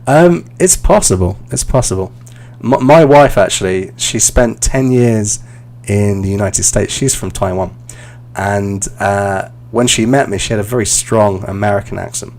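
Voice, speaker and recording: A man's voice: fairly low pitch, a little slow, darkish tone. A man in his thirties from London with a London accent, teaching English on a live stream in a casual, chatty way and answering viewer questions as he goes. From London, England.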